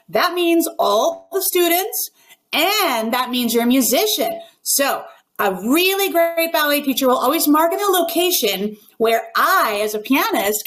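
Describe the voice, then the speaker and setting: A woman who works as a ballet pianist, giving an instructional video talk in an emphatic, well-enunciated coaching tone. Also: sits high. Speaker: ballet pianist and teacher educator.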